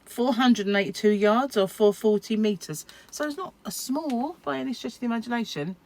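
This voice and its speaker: A woman's voice: fairly high pitch, fairly quick, a little mellow. A middle-aged British woman from the UK, chatting casually to camera as a crochet vlogger, rambling and self-deprecating with frequent laughs. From United Kingdom.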